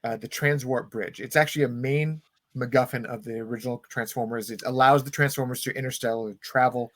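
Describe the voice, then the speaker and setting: Speaking at a medium pitch with a steady tone and no echo, this podcast host walks through a film's plot with real eagerness. On his casual show he slips into quick voices to briefly perform the characters' lines.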